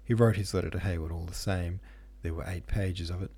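The voice is low, dark and mellow with some huskiness, belonging to a man who hosts podcasts and reads audiobooks. Here he delivers a classic novel in a calm, even, measured way.

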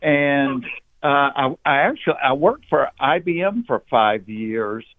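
A comedian in his fifties with a thick Southern Georgia accent tells stories easily as a guest in a casual interview, laughing often and repeating words as he starts. His mid-range voice has lively intonation at a measured pace, heard over a tinny phone line.

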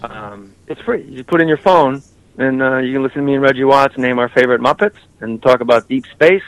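A man, a comedian, chatting on a podcast over a call, riffing fast and swearing freely. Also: mid-range voice, no room sound, rough recording. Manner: profane, riffing, jumps into impressions. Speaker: comedian guest. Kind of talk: casual podcast chat.

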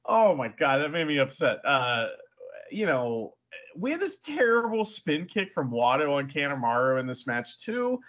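A man chats animatedly on a podcast, his voice fairly high and swinging widely in pitch. He laughs often. The recording sounds dull and lo-fi. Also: big pitch swings, moderate pace, fairly bright tone. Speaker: podcast co-host. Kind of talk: casual wrestling podcast chat. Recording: muffled lo-fi podcast audio.

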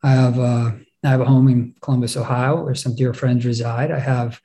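A man telling a personal story on stage in a reflective, halting way, often restarting his sentences. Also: mid-range voice, little pitch movement, warm tone. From England.

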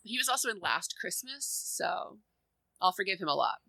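A woman guest on a podcast chatting casually as a film critic, tired but animated and gushing. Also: mid-range voice, normal speed, vocal fry, slightly rough, no echo. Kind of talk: casual chat.

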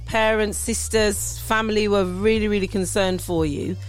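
A woman's voice: medium pitch, fairly even intonation, moderate pace, faint music behind. A woman hosting a faith talk show, interviewing a guest in an emotive, encouraging way. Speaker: show host.

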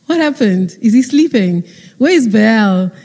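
A woman preacher voicing a bold male prophet who taunts his rivals with jeering shouts. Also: on the high side, animated, a little slow, husky, exaggerated voice. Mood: mocking. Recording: long hall reverb.

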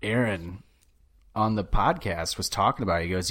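A man's voice: fairly low pitch, moderate pace, a bit bright. A man hosting a casual podcast, telling stories animatedly and swearing. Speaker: podcast host. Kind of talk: casual chat.

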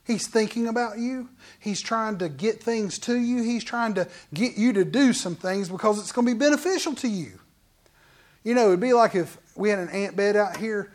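A man pastor preaching a sermon in an animated, conversational way, full of asides to the congregation. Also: high voice, normal speed. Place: church.

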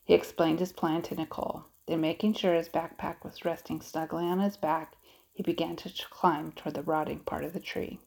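A woman narrating a children's audiobook in a steady, expressive storytelling manner. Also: sits low, a little fast, creaky, low-quality recording.

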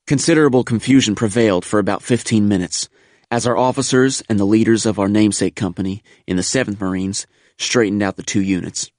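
A man narrating a first-person wartime memoir in a measured, sober, reflective way. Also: lowish voice, fairly even intonation, darkish tone, no echo, studio quality.

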